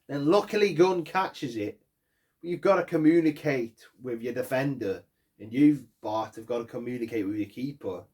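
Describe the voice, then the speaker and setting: A man's voice: medium pitch, moderate pace, a little mellow. A man giving an angry post-match fan rant, swearing heavily and hammering his points. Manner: angry, heavy swearing, emphatic. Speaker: football fan vlogger.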